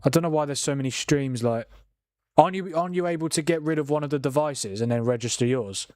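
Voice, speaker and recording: A man, hosting a live football watchalong and chatting in a rambling, animated way, with plenty of laughs and restarts. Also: on the high side, quick pace, no room sound, clean studio sound. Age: 40s. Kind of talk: casual live commentary and chat.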